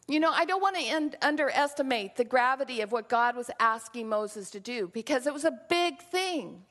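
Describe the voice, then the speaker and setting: A woman's voice: a little high, expressive, moderate pace, a bit bright. A woman preaching a sermon in a church, earnest and reflective, telling a story and drawing a lesson from it. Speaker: pastor. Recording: long reverb of a large hall.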